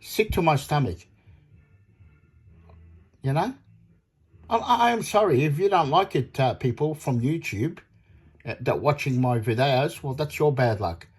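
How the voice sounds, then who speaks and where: A middle-aged Australian man who sells audio kits delivers an indignant, repetitive rant, retelling phone calls. His voice is on the high side and animated, with an unhurried pace, long pauses and a breathy edge.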